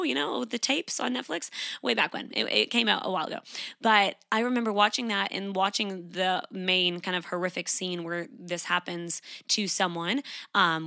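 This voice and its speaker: A young adult woman hosting a solo podcast, talking frankly and emphatically and putting on lively voices when she quotes people. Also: medium pitch, no echo, clean studio sound. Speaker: podcast host. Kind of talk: casual solo podcast talk.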